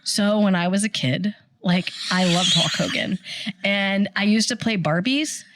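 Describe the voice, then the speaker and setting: A woman in her thirties co-hosting a podcast, telling stories in an animated way. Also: unhurried, noisy background. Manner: animated storyteller, acts out quoted voices with big pitch jumps. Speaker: podcast co-host. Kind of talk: casual chat.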